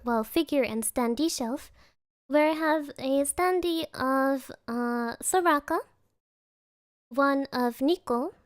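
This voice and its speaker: Giggly high-voiced woman streamer. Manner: giggly, sprinkles Japanese words. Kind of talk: casual chat stream.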